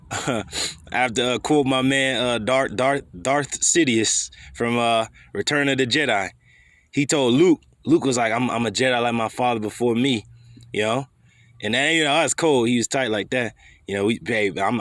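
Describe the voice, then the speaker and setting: A man's voice: mid-range voice, fairly bright tone, dry recording. A man preaching a blunt, confrontational scripture sermon full of profanity and street slang.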